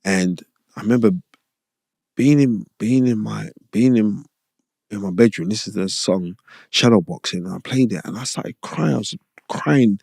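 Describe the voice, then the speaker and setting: A middle-aged man talks in a low, gravelly voice that crackles with fry. He tells his stories with animated emphasis, circling back on phrases and checking in with his listener. The sound is dry and close, with no room around it. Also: normal speed, no echo. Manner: animated, emphatic, repeats phrases for effect, frequent "you know what I mean". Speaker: podcast host sharing his boxing past. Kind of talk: conversational storytelling.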